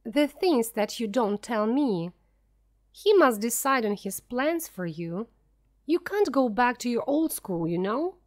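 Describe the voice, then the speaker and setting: A woman voicing a calm, knowing little boy. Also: on the high side, unhurried. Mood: eager.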